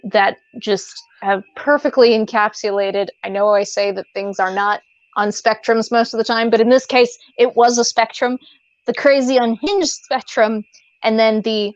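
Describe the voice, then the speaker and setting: A woman's voice: fairly high pitch, steady tone, moderate pace, no room sound. A woman co-hosting a podcast in casual chat, rambling with lots of fillers and restarts. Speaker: podcast co-host. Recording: dull lo-fi sound.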